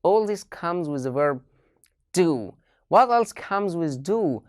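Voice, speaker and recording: Woman teacher, deep voice, unhurried, dry close sound, keeps quizzing students. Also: lively intonation, darkish tone, no room sound. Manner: asks the students many questions and repeats key phrases. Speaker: English teacher. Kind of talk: online lesson addressing students.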